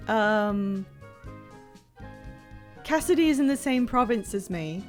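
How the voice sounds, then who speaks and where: A woman chatting casually on a live stream while playing a game, excitable and self-deprecating, rambling from one thought to the next. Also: mid-range voice, takes it slowly, faint music behind. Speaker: livestreamer playing a video game.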